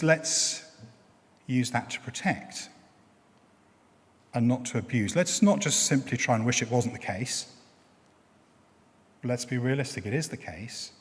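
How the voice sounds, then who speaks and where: Man preaching in a reverberant church. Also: mid-range voice. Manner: conversational, explaining with everyday examples. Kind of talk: sermon. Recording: long reverb of a church hall.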